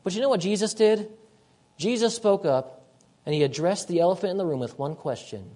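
A man preaching a sermon, emphatic, repeating his key phrases and moving between loud and hushed delivery. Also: high-pitched, animated, fairly quick.

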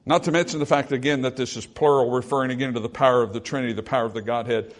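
A male pastor preaching a sermon, swinging from forceful emphasis to hushed, quiet lines. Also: medium pitch, fairly even intonation, rapid-fire.

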